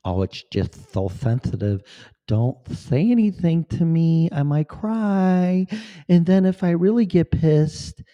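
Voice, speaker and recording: A man's voice: on the high side, animated, slow, dull audio, pitched above the performer's own voice. A man voicing a touchy, self-pitying artificial intelligence in a mocking whine that makes hurt threats.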